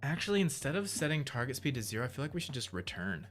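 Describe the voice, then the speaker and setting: A man streaming his game development, thinking aloud in a relaxed, casual way while he tests things. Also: medium pitch, quick pace, soft background music. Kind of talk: casual livestream commentary.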